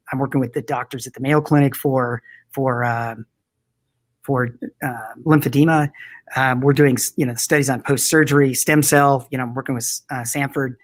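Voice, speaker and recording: A man talking as a guest in an interview, enthusiastic and rambling, with many restarts. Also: medium pitch. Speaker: product company founder, guest. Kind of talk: casual interview talk.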